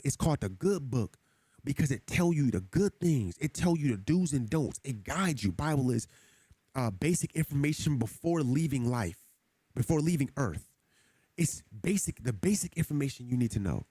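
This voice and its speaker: A man's voice: mid-range voice, dark tone, slightly rough, no room sound. A man streaming a game who talks casually to his chat in an earnest, preachy way, often repeating himself. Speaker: gaming streamer. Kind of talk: casual livestream talk to chat.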